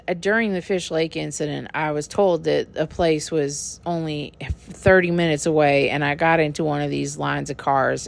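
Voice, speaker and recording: Deep-voiced woman with vocal fry, rambling casual storyteller. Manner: candid, profane, rambling.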